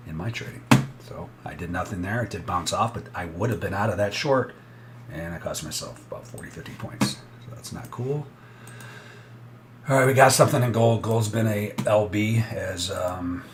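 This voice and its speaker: Man, deep voice, casual blunt trading commentary, slight background noise. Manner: casual, blunt, talks to viewers directly. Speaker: trader streaming live trades.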